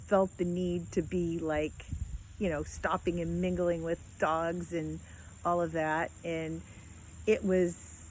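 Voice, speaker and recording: A woman's voice: on the low side, level tone, slow, darkish tone, poor audio. A middle-aged woman telling a personal story in a casual, heartfelt way, rambling with many fillers. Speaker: vlogger. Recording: faint background noise.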